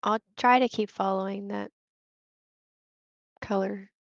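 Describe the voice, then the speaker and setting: A woman playing a tabletop game, giving soft, hesitant replies. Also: mid-range voice, steady tone, takes it slowly, creaky, dry recording, lo-fi sound. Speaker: player.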